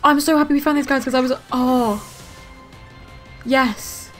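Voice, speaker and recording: A young woman giving excitable, gasp-filled commentary while playing a video game and thinking aloud. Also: high voice, unhurried. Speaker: gaming let's player. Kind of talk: casual gameplay commentary. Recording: faint game music behind.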